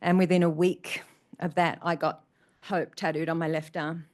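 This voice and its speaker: Middle-aged woman, speaker at a community event, earnest and heartfelt, fairly low voice, repeats herself for emphasis. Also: flat delivery, normal speed, darkish tone. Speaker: motivational speaker. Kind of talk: personal talk to an audience.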